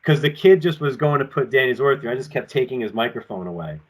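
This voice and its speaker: A male pro wrestler talking from his apartment over a remote call, mid-pitched and ordinary in tone. He tells his stories loosely and with energy, jumping between his own lines and the voices of the people in them. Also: quick pace. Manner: rambling and animated, acting out quotes. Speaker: professional wrestler, podcast guest. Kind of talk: casual storytelling in an interview. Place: home apartment with collectibles shelves.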